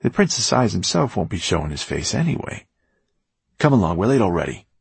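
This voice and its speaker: A man's voice: on the low side, very animated, brisk, vocal fry, slightly rough, no echo, exaggerated voice. A man voicing a crotchety, impatient old male poet who snaps at people. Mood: hurried. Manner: snappish, irritable.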